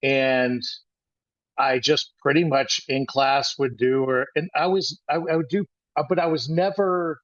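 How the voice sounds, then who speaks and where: A man's voice: mid-range voice, a bit bright, dry recording, muffled recording. A man in his sixties telling a personal childhood story in a loose, rambling way, often restarting his sentences. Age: 60s. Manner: rambling, halting with frequent restarts.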